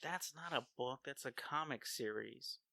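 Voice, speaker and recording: A man chatting as a podcast co-host, teasing and playful. His voice has a gravelly edge and a bright, forceful tone. The sound is dry and close. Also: mid-range voice, unhurried, no echo. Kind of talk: casual chat. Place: home studio on video.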